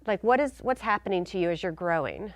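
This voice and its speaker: A woman's voice: fairly low pitch, expressive, brisk, dry recording. A woman interviewing a guest, asking friendly follow-up questions. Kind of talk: conversational interview.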